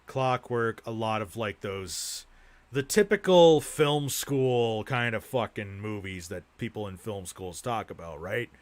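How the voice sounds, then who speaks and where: A man's voice: fairly low pitch, animated, a little slow. A young man chatting casually on a livestream about his movie collection, rambling and swearing freely as he goes. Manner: profane, rambling, rants with heavy swearing. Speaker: streamer showing his film collection.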